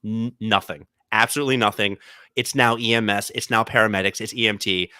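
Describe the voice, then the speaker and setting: A man co-hosting a podcast, telling animated stories in casual chat and slipping into quoted voices. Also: lowish voice, brisk, smooth, no echo, studio quality. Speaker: podcast co-host. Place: podcast studio.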